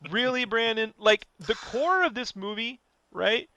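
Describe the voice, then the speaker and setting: A man with a high, bright voice rants on a podcast, animated and profane. He talks casually and keeps pushing his point. The sound is dry and close, with no room around it. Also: measured pace, dry recording, muffled recording. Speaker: podcast guest.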